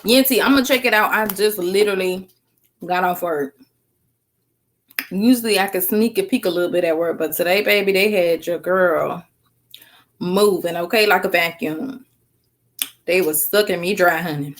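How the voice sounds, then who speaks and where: A woman's voice: fairly low pitch, normal speed, long pauses. A tired woman chatting casually with viewers on a live stream, eating snacks as she talks and calling them girl and sis. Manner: eating snacks while talking. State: tired after work.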